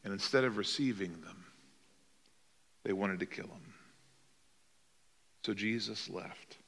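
Bright-voiced male pastor preaching. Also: lowish voice, slow pace, creaky, slightly rough. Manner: dramatic, acts out quoted voices. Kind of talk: sermon.

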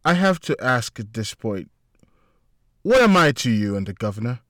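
A man voicing a calm, composed female police superintendent who speaks in a measured way. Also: mid-range voice, no echo, studio quality.

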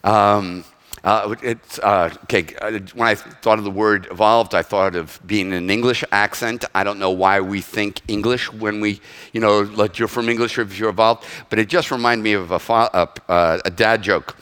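A man preaching a sermon in an animated way, cracking jokes and restarting his sentences. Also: fairly low pitch, moderate pace, clean tone. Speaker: pastor. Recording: long hall reverb.

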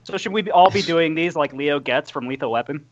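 Podcast co-host, man, high voice, dry wisecracks, muffled mic. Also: a little fast, noisy background. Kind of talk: comedic podcast chat.

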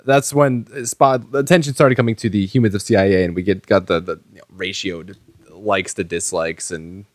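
A man co-hosting a podcast, animated and excitable in casual chat. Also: low-pitched, moderate pace, no echo, studio quality. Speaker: podcast co-host.

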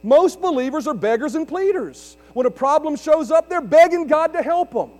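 Over faint background music, a male pastor delivers a sermon in a very high, expressive, slightly mellow voice at normal speed. He builds emphasis and calls out questions to the congregation, recorded with long reverb of a large hall and a mains hum.

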